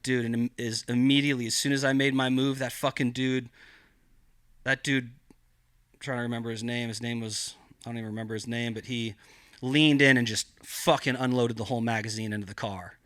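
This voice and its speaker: A man tells a story in loose, profane podcast talk, leaning hard on "like" and "dude." His voice is bright and forceful. The sound is dry and close. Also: mid-range voice, fairly quick, no room sound. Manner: profane, animated, heavy filler "like". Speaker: podcast guest. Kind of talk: casual storytelling.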